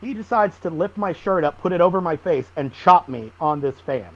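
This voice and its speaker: A man, a wrestling guest on a podcast, telling stories in a lively, animated way. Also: a little high, normal speed, lo-fi sound. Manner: animated storyteller, acts out shouted quotes. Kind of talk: casual storytelling interview.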